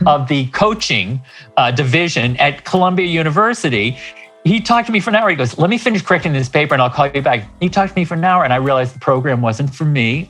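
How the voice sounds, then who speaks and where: Man, 60s, life coach guest; lively raconteur who performs the dialogue, soft music bed. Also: mid-range voice. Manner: animated, acts out dialogue in shifting voices. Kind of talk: storytelling interview talk.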